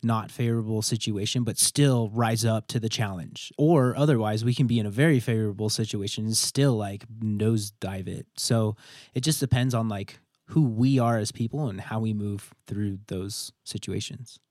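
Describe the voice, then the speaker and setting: A man in a casual podcast conversation, reflecting in a relaxed, slangy way. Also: on the low side, moderate pace, no echo, studio quality.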